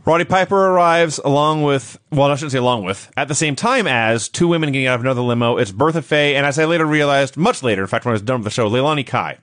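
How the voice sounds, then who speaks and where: A man co-hosting a podcast over a call from home, giving a dry, quick recap of a wrestling show. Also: mid-range voice, fairly bright tone, dry recording. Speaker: podcast co-host.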